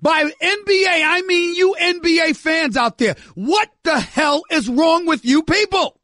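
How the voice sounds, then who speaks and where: A male sports radio host with a very high, bright, forceful voice, recorded dry and close in a studio. He rants emphatically, circling back on the same phrases for effect. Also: a little slow, no echo. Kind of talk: sports talk radio monologue.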